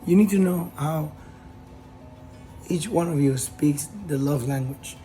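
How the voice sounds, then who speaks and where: A man giving casual relationship advice, talking in a halting way with many fillers and restarts. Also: on the high side, mellow, soft background music, poor audio. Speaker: advice host.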